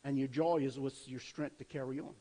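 A man's voice: mid-range voice, fairly even intonation, a little fast, warm tone, poor audio. A man preaching a sermon in an earnest, conversational way, asking rhetorical questions of his listeners. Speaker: pastor.

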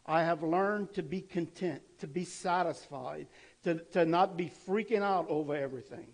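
A man with a notably high voice delivers a sermon. He talks to his listeners in an earnest, conversational way and keeps posing rhetorical questions. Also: normal speed, rough recording. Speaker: pastor.

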